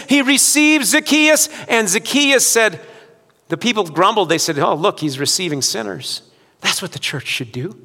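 A man preaching a sermon as pastor, swinging between loud urgent preaching and quiet, soft-spoken appeals. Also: sits high, big-room sound.

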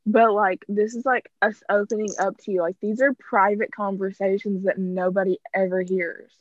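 A woman's voice: mid-range voice, steady tone, moderate pace, no echo. Brief: young woman podcast co-host, casual chat, leans on filler words, laughs easily, muffled dry call audio. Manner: chatty, says "literally" and "like" a lot, laughs often. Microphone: video call.

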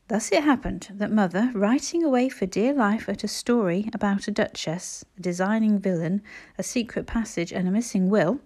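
A woman reading a classic children's story aloud with gentle, measured narration. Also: medium pitch. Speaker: audiobook reader.

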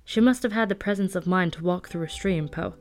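A woman's voice: on the low side, brisk, darkish tone, soft background music, natural voice. A woman voicing a bold young female fighter who speaks firmly and reassuringly. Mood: steady. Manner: firm, reassuring.

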